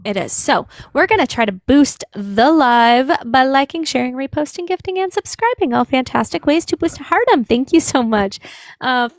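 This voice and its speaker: A woman's voice: sits high, vocal fry, no echo, clean studio sound. A woman hosting a political debate on a live stream, blunt and teasing as she scolds guests and thanks viewers. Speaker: livestream host.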